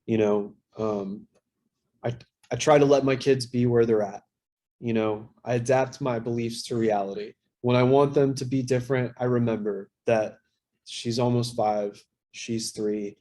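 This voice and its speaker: A man's voice: medium pitch, fairly even intonation, measured pace, warm tone. A man in his thirties sharing candidly at a recovery workshop, talking in a casual, self-deprecating way with plenty of fillers and swearing. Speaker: workshop speaker.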